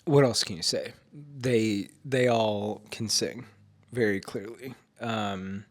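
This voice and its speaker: A tired man speaks with a congested, stuffed-up nose, his voice sitting a little low. He talks slowly and rambles with fillers as he recaps the night from home in a casual vlog. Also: fairly even intonation. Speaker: vlogger.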